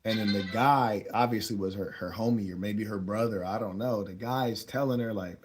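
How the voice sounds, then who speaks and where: Young male dating coach, low voice, easygoing slang-heavy monologue with chuckles. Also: fairly quick, husky. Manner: laid-back, slangy, chuckles often. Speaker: dating advice host. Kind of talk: casual storytelling monologue.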